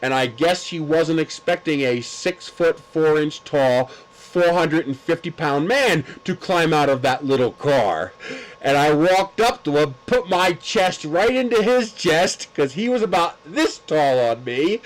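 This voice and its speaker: A man's voice: fairly high pitch, animated, measured pace, low-quality recording. A man hosting a livestream, telling stories in a casual chat with lots of laughter and crude jokes. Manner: laughing, crude joking storyteller. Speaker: livestream host.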